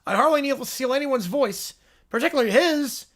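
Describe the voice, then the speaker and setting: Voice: high-pitched, expressive, fairly quick, fairly bright tone. Refined, fussy adult man, as a reader puts him on; formal and precise. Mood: offended. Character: refined adult male radio psychiatrist, fussy.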